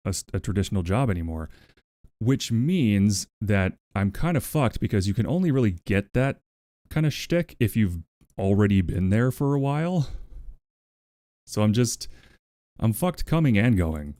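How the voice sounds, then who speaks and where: A man with a lowish voice that swings up and down a lot, chatting with his livestream audience. He rambles wryly and swears offhandedly. The sound is close and dry, with no room around it. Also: lively intonation, moderate pace, mellow, dry recording. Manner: rambling and wry, swears casually, talks to his pet. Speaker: streamer. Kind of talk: casual livestream chat with a co-working audience.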